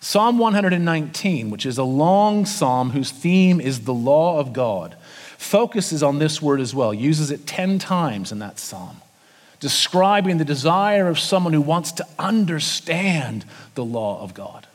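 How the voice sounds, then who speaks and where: Australian senior pastor, man, chatty sermon delivery, high lively voice, reverberant church. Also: unhurried. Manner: conversational preaching, acts out voices of people. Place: church auditorium.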